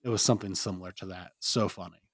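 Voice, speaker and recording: Young midwestern man, low voice, dry close mic, rambling podcast storyteller. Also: fairly even intonation, fast talker, dry recording. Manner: rambling, laughs mid-story. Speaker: podcast co-host. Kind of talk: casual storytelling chat.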